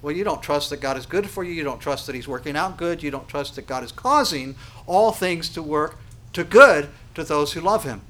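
A man preaching a sermon, emphatic and full of rhetorical questions, swinging from quiet to loud. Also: a little high, animated, normal speed. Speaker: pastor.

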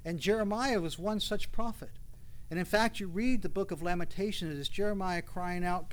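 A man's voice: high-pitched, moderate pace. A man preaching a sermon, reading scripture aloud and building to passionate, raised outbursts. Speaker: pastor.

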